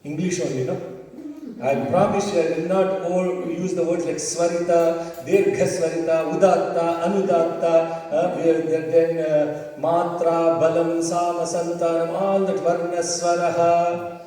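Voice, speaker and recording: Guy teaching a class, slow and patient, mellow tone, far off in a big echoey hall. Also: a little high, little pitch movement. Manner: patient, explains step by step, counts syllables aloud and chants. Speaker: Vedic chanting teacher. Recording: distant mic in an echoey hall.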